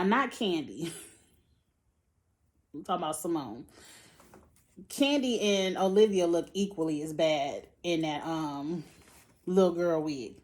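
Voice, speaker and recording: A woman's voice: on the low side, a little mellow. A woman giving a blunt, profane, exasperated recap of a reality show, sighing and laughing between her points. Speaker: TV show reviewer.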